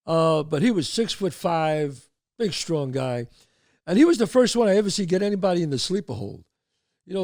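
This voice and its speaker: Animated New storyteller, older man. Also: on the high side, no echo, clean studio sound. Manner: animated storyteller, acts out quotes. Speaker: host. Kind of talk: storytelling chat.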